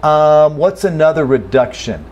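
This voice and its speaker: A man teaching English pronunciation, patiently saying phrases slowly and then at normal speed. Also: on the high side, very animated, darkish tone, highs cut off. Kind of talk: pronunciation lesson.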